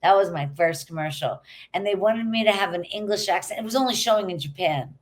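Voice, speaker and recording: A woman's voice: mid-range voice, brisk. A middle-aged actress, a woman, chatting casually as a guest and laughing easily. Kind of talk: casual interview chat.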